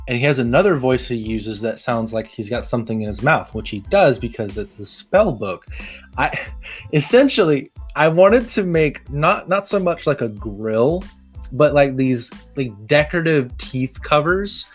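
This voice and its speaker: A young man talking about a game character in a loose, excitable way, trailing off and restarting mid-thought and leaning on fillers. His voice sits at an ordinary pitch. Soft music plays faintly underneath. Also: unhurried, slightly rough. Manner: rambling, filler-heavy, excitable. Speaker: tabletop game player. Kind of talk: casual chat.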